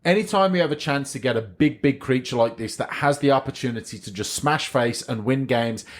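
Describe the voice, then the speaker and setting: A man co-hosting a podcast, reading card text aloud with quick joking asides. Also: medium pitch. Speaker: podcast co-host. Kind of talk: casual podcast chat.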